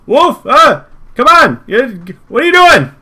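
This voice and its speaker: A man voicing bossy male factory workers who yell in exasperation. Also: very high voice, very animated, unhurried, slight background noise, pitched above the performer's own voice, full character voice. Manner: loud, exasperated yelling.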